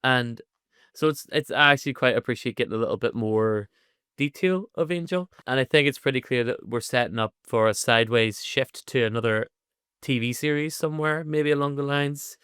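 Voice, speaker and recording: A man co-hosting a podcast, running through an episode in a lively, sweary way and laughing often. His voice is smooth and clear, recorded close and dry with no room sound. He sits at a mid pitch for a man. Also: brisk, no echo. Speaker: podcast co-host. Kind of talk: casual chat recapping an episode.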